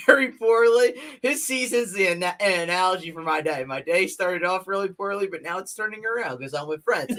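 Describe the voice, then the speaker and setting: A man's voice: sits high, fairly bright tone. A man co-hosting a casual sports podcast, talking in a rambling way with laughing asides. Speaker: podcast co-host.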